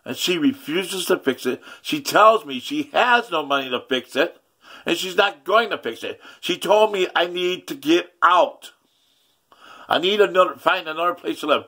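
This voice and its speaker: A man's voice: mid-range voice, bright, forceful tone. A man vlogging an angry rant, agitated, profane and repetitive.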